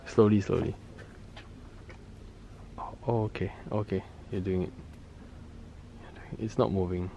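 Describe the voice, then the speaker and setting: A man's voice: low voice, steady tone, gravelly. Jokey young Singaporean man vlogging outside. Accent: Singaporean English. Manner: chatty and jokey, quick to laugh. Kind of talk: casual vlog narration. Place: out and about in city streets and shops. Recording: noisy outdoor street recording.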